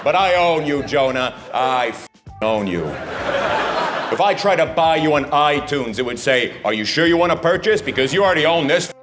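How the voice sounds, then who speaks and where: A man's voice: on the high side, animated, music in the background, lightly acted. A man playing smug pompous Hollywood. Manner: pompous, smug, slow dramatic pauses. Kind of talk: roast stand-up.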